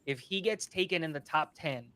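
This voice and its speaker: A man's voice: a little high, moderate pace, a bit bright. Emphatic man making a football point. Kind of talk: casual chat.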